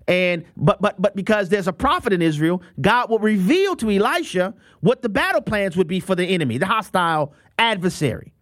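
A man's voice: sits high, a bit bright, dry recording, clean studio sound. A man preaching a sermon on the radio and making a fundraising appeal, emphatic and given to repeating words as he restarts.

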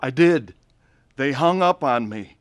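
A man's voice: medium pitch, expressive, normal speed, dry recording, clean studio sound, close to an everyday voice. A man playing a desperate alcoholic drunk. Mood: drunk pleading. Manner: sullen, then slurred and pleading. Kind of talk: radio drama acting.

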